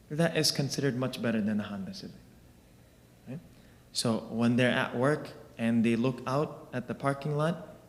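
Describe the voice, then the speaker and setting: A man leads a religious class in a relaxed, conversational way, walking listeners through everyday examples. He keeps checking in with a quick "right?" as he goes. His mid-range voice rings out with the long reverb of a large hall. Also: mid-range voice. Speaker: religious teacher.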